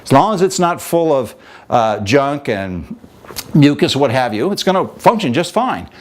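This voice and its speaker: Animated male vocal coach. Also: mid-range voice, unhurried. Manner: animated, demonstrative, conversational teaching. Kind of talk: instructional talk with vocal demonstrations.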